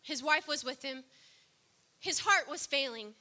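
A woman preaching a sermon, impassioned, swinging from soft, low passages to loud outbursts. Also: lively intonation, measured pace.

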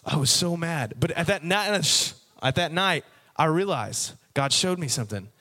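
A young man preaching a personal testimony to a youth audience, with lively storytelling and frequent direct asides. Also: fairly high pitch, normal speed. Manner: animated storytelling, addresses the audience. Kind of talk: sermon testimony.

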